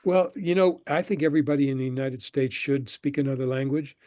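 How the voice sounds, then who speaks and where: An older man, a guest on an interview show, telling relaxed stories about his past and acting out the people he quotes. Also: mid-range voice, brisk, no room sound, studio quality. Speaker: guest, screenwriter and professor. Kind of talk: conversational interview storytelling.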